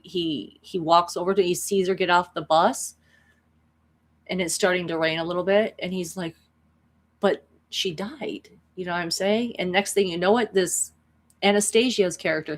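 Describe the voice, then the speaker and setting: Brief: a chatty woman vlogger retelling a story, rambling, lowish voice. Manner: animated, rambling, many restarts. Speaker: spiritual vlogger.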